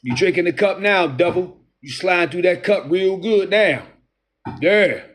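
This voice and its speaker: A man with a slightly raised voice preaches in a combative, profane way. He reads verses slowly, restarts lines, and jabs at his listeners between passages. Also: high voice. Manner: profane, taunting, addresses listeners as devil. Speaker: street preacher. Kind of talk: confrontational scripture-reading sermon.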